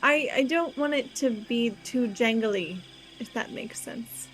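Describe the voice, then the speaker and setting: A woman's voice: on the high side, measured pace, fairly bright tone, soft background music, poor audio. A woman playing her character in a tabletop game, asking politely and hesitantly. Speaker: player.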